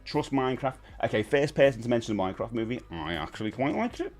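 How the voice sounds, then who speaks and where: A man's voice: medium pitch, big pitch swings, quick pace, darkish tone, soft background music. Chatty man in his fifties. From United Kingdom. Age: 50s. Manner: chatty, rambling, reads out viewer messages. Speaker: livestream host. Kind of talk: casual live-stream chat.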